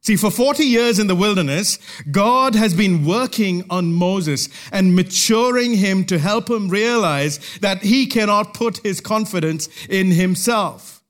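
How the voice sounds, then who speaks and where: A man preaching an expository sermon, teaching through a passage verse by verse in a measured way with emphatic pauses. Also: high-pitched, a bit bright.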